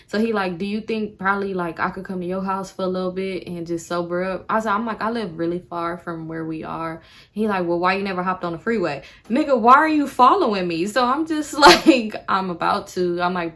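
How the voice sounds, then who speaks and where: A young woman vlogger telling a storytime in a casual, animated, profane way, often calling her viewers y'all. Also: mid-range voice.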